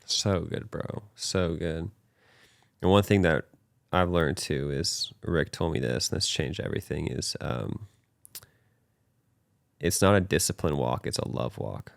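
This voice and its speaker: Young male podcast host, deep and gravelly, earnest and animated. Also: measured pace, long pauses, no room sound, studio quality. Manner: earnest, animated, talks with his hands in quoted voices. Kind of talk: casual faith chat.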